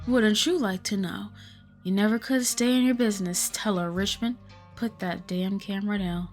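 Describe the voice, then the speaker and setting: A woman's voice: mid-range voice, steady tone, normal speed, darkish tone, faint music behind, close to an everyday voice. Woman voicing a cranky old Southern backwoods man. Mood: scolding. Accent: put-on Southern US. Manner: grumbling, folksy scolding. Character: gruff old male hillbilly hunter, cranky. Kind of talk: reading a game aloud.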